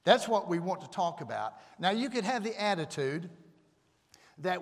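Male preacher, fairly high voice, casual sermon to the congregation, stage mic in an echoing hall. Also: lively intonation, moderate pace. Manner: conversational, asks the audience questions. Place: church hall. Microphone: stage microphone. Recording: long reverb of a hall.

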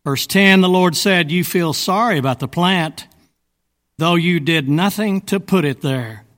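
A man's voice: high-pitched, measured pace, a bit bright. A man preaching a sermon to his congregation, reading scripture and firing rhetorical questions at his listeners. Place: church sanctuary. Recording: long hall reverb.

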